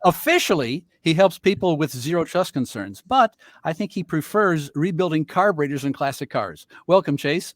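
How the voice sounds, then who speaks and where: A man's voice: fairly high pitch, animated, normal speed, few pauses, no echo, studio quality. A man moderating an online panel, introducing guests with playful teasing jokes over a video call. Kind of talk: joking webinar moderation.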